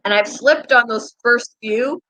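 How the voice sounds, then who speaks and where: A woman's voice: on the high side, a little slow, pushed and bright, no room sound, low-quality recording. A middle-aged woman hosting her own channel, chatting casually with viewers, self-mocking and laughing often. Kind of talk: casual chat.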